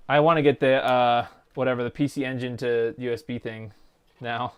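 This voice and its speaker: A man talking his way through a soldering job on a live stream. He mutters and thinks aloud in a quiet, offhand voice, half to himself and half to the chat. Now and then he drops a dry, jokey aside. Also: mid-range voice, steady tone, moderate pace, clear, resonant tone. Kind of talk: casual live-stream commentary while soldering.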